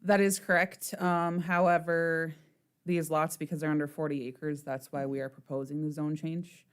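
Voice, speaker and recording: Smooth-voiced woman giving a zoning briefing. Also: low-pitched, little pitch movement, moderate pace. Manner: matter-of-fact, some ums. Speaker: planning and zoning staff. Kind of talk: staff briefing.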